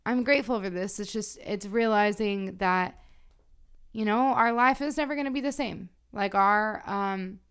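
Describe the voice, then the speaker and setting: A woman's voice: mid-range voice, measured pace, fairly bright tone, clear, resonant tone. A young woman co-hosting a podcast, telling personal stories in reflective casual chat. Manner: reflective storytelling, frequent "like". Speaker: podcast co-host.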